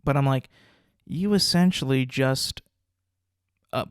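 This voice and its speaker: A man's voice: mid-range voice, takes it slowly, smooth, dry recording. Rambling young man on a dry mic. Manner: rambling, repeats words, restarts often. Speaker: podcast host. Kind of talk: casual sports rant.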